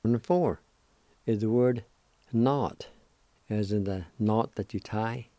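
Slow, patient male language teacher. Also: fairly low pitch, mellow, dry recording. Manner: patient, spells out and repeats each syllable; encouraging. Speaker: radio host teaching a language. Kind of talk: radio language lesson.

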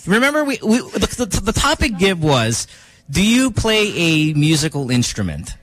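A man's voice: moderate pace, poor audio. A man, hosting a radio show and telling a story in casual chat. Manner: animated storytelling, quoting others with rising pitch.

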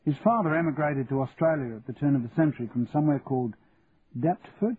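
A man's voice: fairly high pitch, lively intonation, quick pace, slightly rough, pitched above the performer's own voice. A man voicing a deferential young lawyer. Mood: briefing. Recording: tinny lo-fi audio with faint hiss.

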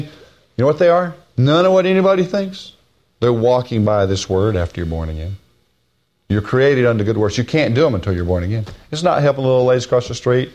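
A male preacher delivers a plainspoken, folksy sermon on Scripture. He leans hard on key phrases, drawing them out slowly. Between those raised, high-pitched stresses he drops into quiet, low asides. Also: animated. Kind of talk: folksy Bible-teaching sermon.

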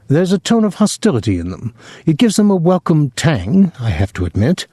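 A polished, condescending executive, cool and pitiless under his party manners, as a male audiobook narrator puts him on. The lines swing lively in pitch with a mellow, dark tone. The sound is close and dry. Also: no room sound. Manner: polished and coolly warning.

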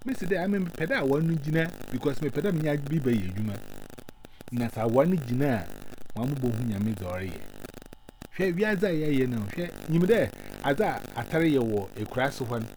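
Animated man giving advice. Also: medium pitch, moderate pace, slight background noise. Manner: earnest, lecturing, mixes in English words. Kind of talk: advice talk.

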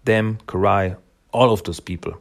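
A man voicing an edgy young female mutant turtle, reading her lines in a blunt, slightly lower voice. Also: normal speed, gravelly.

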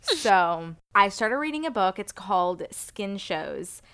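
A young woman in her twenties co-hosts a casual chat podcast, talking in an animated, rambling way and laughing often. Her voice is smooth and clear, at a middle pitch for a woman. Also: slow. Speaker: podcast co-host.

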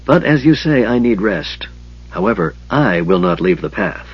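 A man voicing a frail, sardonic male mage who speaks in a slow, disdainful, quiet hiss. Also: fairly low pitch, sing-song, slightly rough, dull audio, exaggerated voice. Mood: scornful.

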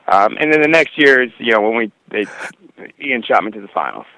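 A man's voice: medium pitch, expressive, a little fast, bright, forceful tone, dry recording, rough recording. A young man, a wrestler guest, telling stories in a casual interview, rambling with lots of fillers and "dude".

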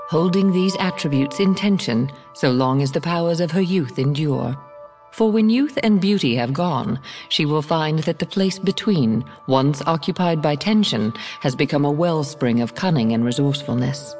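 A woman reading a quotation in a slow, solemn manner. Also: deep voice, darkish tone. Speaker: reader of epigraph.

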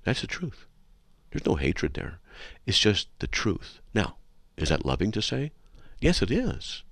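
Man, radio host, low voice, very lively swinging pitch, sarcastic lecturing, dry close studio sound. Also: measured pace, vocal fry, no room sound. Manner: sarcastic, lecturing, reads listener emails aloud. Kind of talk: talk radio monologue. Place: radio studio with a control room window.

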